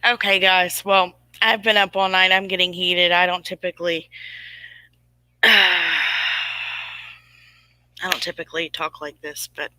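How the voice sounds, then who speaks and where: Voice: mid-range voice, fairly even intonation, unhurried, pauses often, bright, forceful tone, low-quality recording. A host in their forties giving a rambling, emphatic livestream talk and answering viewers' chat comments through a webcam or phone mic. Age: 40s.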